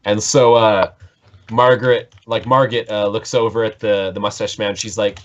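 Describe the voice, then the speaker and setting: Low-voiced man narrating as game master. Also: little pitch movement, normal speed. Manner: rambling, many fillers. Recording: dull lo-fi mic.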